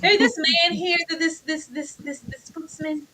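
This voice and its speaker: A woman co-hosting a TV review show in casual chat, animated and laughing as she acts out characters' lines. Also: very high-pitched, normal speed.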